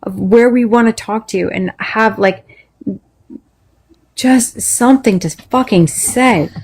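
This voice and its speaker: A woman's voice: fairly high pitch, takes it slowly, breathy edge. An angry woman in a heated live-stream argument, swearing constantly as she vents. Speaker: panel speaker.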